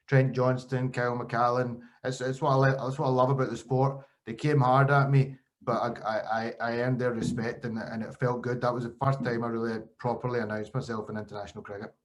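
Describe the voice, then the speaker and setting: A man's voice: medium pitch, a little fast, hardly any pauses. A man from Scotland, a podcast host and former cricketer, telling stories in a casual interview with quoted voices. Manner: animated storytelling with quoted voices.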